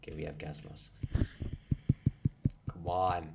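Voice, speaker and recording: A young man commentating his own video game play, getting excited and swearing when it goes wrong. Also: low voice, slow, vocal fry, a little hiss or hum. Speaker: gaming channel host. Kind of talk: gameplay commentary.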